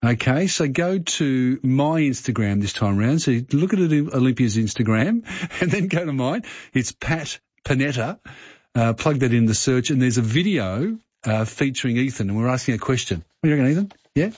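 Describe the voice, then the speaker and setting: An Australian man hosts a casual radio chat with a husky, slightly breathy voice. The sound is dry and close, with a dull, muffled tone. He talks in a chatty way and often repeats himself. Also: medium pitch, lively intonation, normal speed, darkish tone, no echo. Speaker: radio host.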